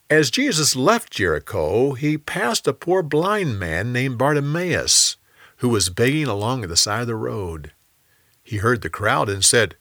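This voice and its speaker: A man narrating a Bible story in a calm, expressive storytelling manner. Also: medium pitch, unhurried, dry recording, clean studio sound.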